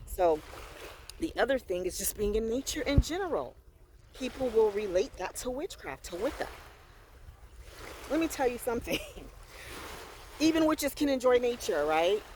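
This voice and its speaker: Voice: mid-range voice, sing-song, normal speed, long pauses, a little mellow, slight background noise. Rambling, emphatic faith vlogger by the water. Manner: rambling, emphatic, with frequent fillers and restarts. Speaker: vlogger sharing faith experiences. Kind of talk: casual faith talk vlog. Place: outdoors by the water. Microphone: handheld phone.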